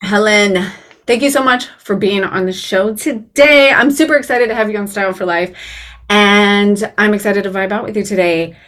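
A woman's voice: medium pitch, normal speed, a bit bright. An American woman in her thirties hosting a podcast, gushing and slangy in casual chat. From United States. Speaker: podcast host.

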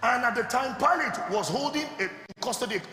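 A man preaching a sermon who keeps asking the congregation if they are listening and climbs into shouted, fervent exhortation. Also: extremely high pitch, animated, brisk, slight background noise. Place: large church hall. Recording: echoey hall with music behind.

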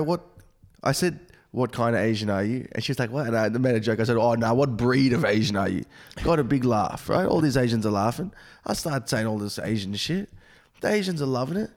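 A man's voice: medium pitch, fairly quick. Blunt, foul-mouthed man telling stories. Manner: blunt, heavy swearing, animated storytelling. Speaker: comedian guest. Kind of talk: casual podcast chat, storytelling.

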